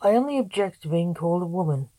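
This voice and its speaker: A woman reading the lines of a male time-traveling doctor who answers his accusers with dry, deadpan retorts. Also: lowish voice, fast, poor audio. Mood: irate.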